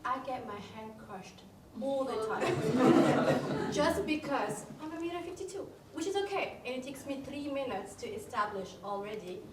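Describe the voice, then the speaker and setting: A woman in her forties asking a question from the audience, animated and talking in quick bursts. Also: high-pitched. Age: 40s. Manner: animated, talks in bursts, laughs. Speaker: audience member. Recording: distant in a roomy room with background noise.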